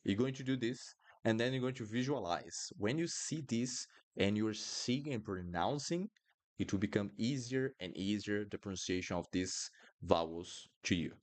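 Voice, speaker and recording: A man teaching a live online lesson, drilling sounds slowly and asking viewers questions. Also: fairly low pitch. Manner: lively and encouraging, drills sounds slowly, asks the chat questions. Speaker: Portuguese teacher.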